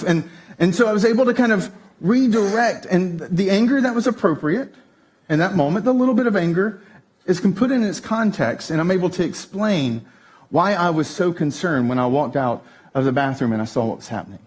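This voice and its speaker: A man preaching a sermon, telling a family story with lively shifts up into a tense, excited delivery. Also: a little fast. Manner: animated storytelling, voice jumps high when telling the tense part. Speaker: pastor. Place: church stage.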